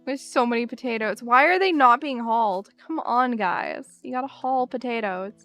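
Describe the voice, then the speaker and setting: Bright, high-voiced giggly woman streamer. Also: moderate pace, no echo, soft background music. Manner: giggly, chatty, many fillers. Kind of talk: casual gaming stream chat.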